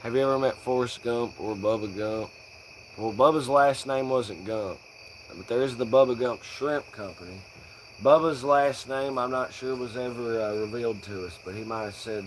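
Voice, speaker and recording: A man's voice: mid-range voice, moderate pace, slight background noise, poor audio. A young man hosting a live stream, joking around loosely and swearing in casual banter. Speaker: livestream host. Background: crickets.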